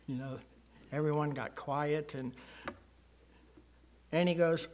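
A man's voice: on the high side, fairly even intonation, darkish tone. An older man telling his personal testimony to a church congregation, earnest and rising to emphasis at key moments. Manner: slow, earnest storytelling with swells of emphasis. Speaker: church member giving testimony.

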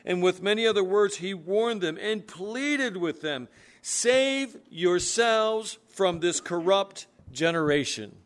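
A man preaching a sermon, earnestly explaining scripture and reading verses slowly. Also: high voice, animated. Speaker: pastor.

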